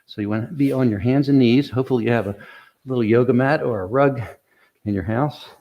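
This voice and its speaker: A man's voice: medium pitch, fairly quick, muffled recording. An older man leading a guided workout as an exercise coach. He talks while demonstrating the moves, counts down reps, reminds listeners to breathe and cheers them on with light jokes.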